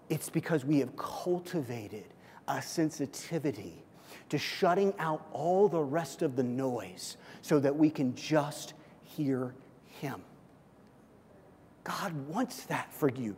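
A man preaching a sermon as pastor, swinging between loud emphasis and soft near-whispers. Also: a little high, lively intonation, slow pace, long pauses, a little hiss or hum. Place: church sanctuary. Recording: long hall reverb.

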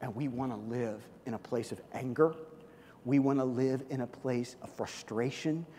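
Animated preacher in a reverberant hall. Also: male voice, mid-range voice, moderate pace. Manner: storytelling, animated, jokes with the congregation. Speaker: pastor. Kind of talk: sermon. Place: church hall. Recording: long hall reverb, faint room noise.

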